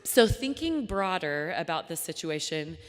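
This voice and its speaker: Young woman, low voice, chatty luncheon talk with lots of ums, big echoey hall. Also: very animated, a little slow. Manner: earnest and chatty, with frequent fillers and restarts. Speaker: nonprofit founder giving a luncheon talk. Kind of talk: speech to a live audience. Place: large banquet hall. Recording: long hall reverb.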